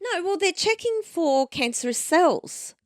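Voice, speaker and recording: A woman's voice: very high-pitched, sing-song, unhurried, no echo, clean studio sound. A woman co-hosting a podcast, chatting casually and drifting off on tangents while she tells a story. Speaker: podcast co-host. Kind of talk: casual chat. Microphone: studio microphone.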